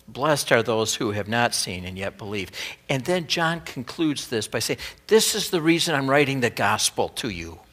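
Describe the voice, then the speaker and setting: A male pastor preaching a sermon in an earnest, emphatic way, dropping soft and low on key words.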